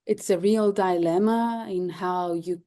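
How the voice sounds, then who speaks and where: Brief: woman therapist from Cyprus, low warm voice, reflective with fillers. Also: fairly even intonation, measured pace. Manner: thoughtful, repeating phrases, frequent fillers. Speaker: therapist, guest. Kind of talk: interview conversation.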